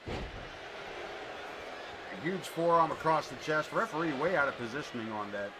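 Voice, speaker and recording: A man streaming live, calling wrestling play-by-play and chatting casually in an excitable, rambling way, swearing now and then. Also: on the high side, moderate pace, noisy background. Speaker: streamer commentating a wrestling game. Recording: music playing behind.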